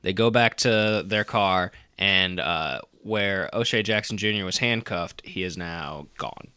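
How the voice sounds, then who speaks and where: Bright, laughing podcast guy. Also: deep voice, unhurried, smooth, dry recording. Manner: rambling, laughs often, many fillers and restarts. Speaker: podcast co-host. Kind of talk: casual chat.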